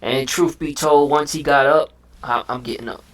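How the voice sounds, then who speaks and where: A man talking casually as a host, with lively slang, acting out what he would say. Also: fairly high pitch, normal speed. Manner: animated slang-heavy talk, acts out what he would say. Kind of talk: casual chat.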